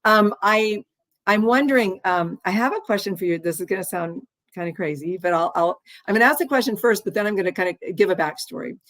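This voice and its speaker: A woman's voice: medium pitch, expressive, fairly quick, a bit bright, no room sound. A woman in her sixties hosting an interview, speaking earnestly with frequent restarts. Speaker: host. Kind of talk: interview conversation.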